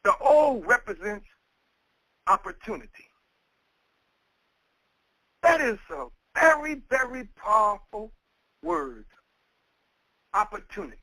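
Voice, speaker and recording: High, lively preaching man. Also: slow pace, long pauses, no room sound, poor audio. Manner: emphatic, repetitive preaching cadence. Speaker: minister. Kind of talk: sermon.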